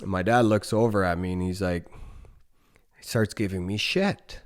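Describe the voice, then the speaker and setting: A man in his thirties from northern Canada, telling a story as a podcast guest in a relaxed, rambling way with swearing and restarts. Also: low-pitched, normal speed, clear, resonant tone. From Nunavut, northern Canada. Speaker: podcast guest, former hockey player. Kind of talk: casual storytelling.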